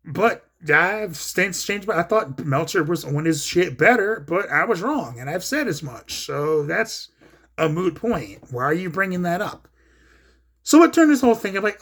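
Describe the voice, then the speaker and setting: A man's voice: high voice, big pitch swings, a little slow, a bit bright. A man hosting his own commentary video, retelling an online argument in a blunt, profane, casual rant full of quoted back-and-forth. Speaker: solo commentary host.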